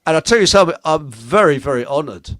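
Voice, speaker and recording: A fast-talking livestream host with a fairly high, animated voice jokes, rambles, swears and laughs frequently while reading viewer comments. A crowd can be heard in the background.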